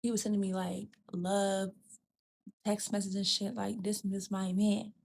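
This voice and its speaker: A podcast host with a mid-range, gravelly voice speaks a little slowly as she tells a personal story in candid conversation. Blunt and profane, she calls the listener "girl" and "bitch" and animatedly acts out the people she quotes.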